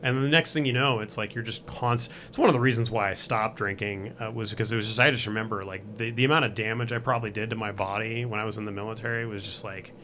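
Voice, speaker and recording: A man's voice: on the low side, fairly even intonation, quick pace, hardly any pauses, sharp tone, a little hiss or hum. A man as a podcast guest in casual chat, rambling with lots of "like" and "um". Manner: rambling, full of fillers like "like" and "um".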